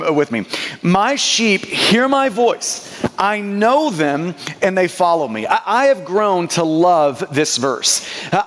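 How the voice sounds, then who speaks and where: A man's voice: high voice, a bit bright, big-room sound. A man preaching a sermon as pastor, emphatic and stumbling over repeated word starts.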